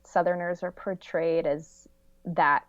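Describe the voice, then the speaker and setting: A woman's voice: lowish voice, fairly even intonation, takes it slowly, no room sound. A woman guesting on a podcast, chatting animatedly with frequent laughs and hedging fillers. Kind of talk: casual chat. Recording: slightly dull lo-fi audio.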